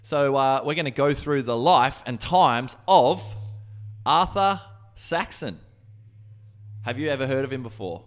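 A man's voice: medium pitch, expressive, a little slow. A man co-hosting a podcast, chatting casually, rambling and swearing freely. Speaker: podcast co-host.

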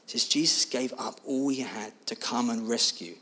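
A man preaching a sermon, telling a personal story in an animated, expressive way. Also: medium pitch, normal speed.

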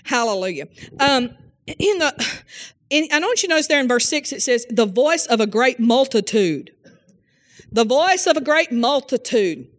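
A woman's voice: sits high, big pitch swings, normal speed. A woman Bible teacher preaching a fervent sermon in folksy language, often exclaiming hallelujah and amen and questioning her listeners directly. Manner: questions listeners directly and calls on them by name; folksy, homespun phrasing.

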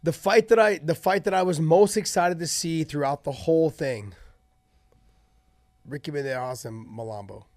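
Animated, swearing man telling fight stories. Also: on the high side, moderate pace, no echo, clean studio sound. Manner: animated storytelling, swears freely. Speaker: podcast co-host and former fighter. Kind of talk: casual chat.

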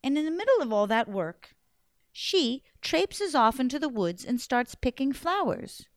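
A woman storyteller telling a folktale live to children, in a lively, animated way. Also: sits high, unhurried, no room sound, clean studio sound.

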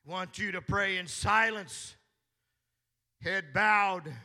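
A man preaching a sermon, speaking slowly and building from hushed tones up to shouting. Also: sits high. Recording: long hall reverb.

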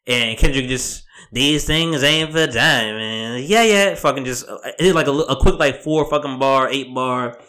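A man co-hosting a podcast in casual chat, animated and profane, often acting out quotes. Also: medium pitch, moderate pace. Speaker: podcast co-host.

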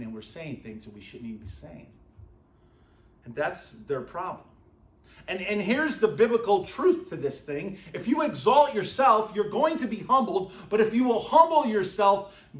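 High-voiced preacher in an echoey church. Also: male voice. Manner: swings from hushed intensity to excited shouting. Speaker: pastor. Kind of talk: sermon. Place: church sanctuary.

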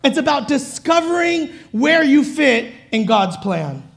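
Gravelly high-voiced woman preaching. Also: sing-song, measured pace. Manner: conversational, chuckling, engaging the congregation. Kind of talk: sermon.

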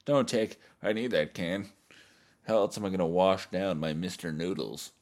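A man hosting a podcast, rambling through a crude, profane comedic monologue in a deadpan, mock-serious way. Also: low voice, normal speed. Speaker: podcast host.

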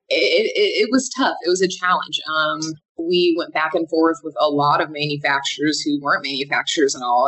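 Young female founder, low voice, candid and halting interview guest. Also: pushed and bright, breathy edge, poor audio. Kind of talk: casual interview answers.

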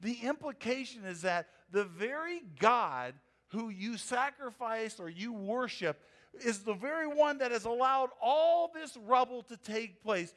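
A man preaching a sermon as a pastor, animated and emphatic, rising and falling as he drives his points home. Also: sits high, measured pace.

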